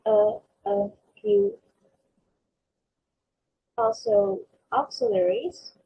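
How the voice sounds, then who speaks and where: Slow, gravelly-voiced young woman teaching pronunciation. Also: a little high, mellow. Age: young adult. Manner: slow, careful reading of word lists. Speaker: student presenter. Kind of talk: recorded pronunciation lesson. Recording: slightly dull lo-fi recording.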